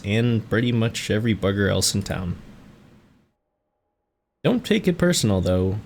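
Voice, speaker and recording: A man doing a gruff pirate-ish barkeep. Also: medium pitch, slight background noise, close to an everyday voice. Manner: piratey dialect, dropped endings, hearty. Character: gruff salty male tavern keeper, friendly and rough.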